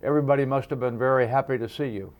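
A man interviewing a veteran for an oral history, asking gentle follow-up questions. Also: mid-range voice, steady tone, very fast. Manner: gentle prompting questions, restating answers.

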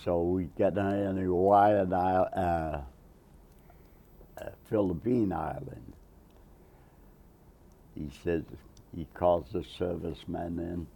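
An older man, a Navy veteran, telling an oral history story with animated quoted voices. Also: low-pitched, slow pace, vocal fry, pauses often.

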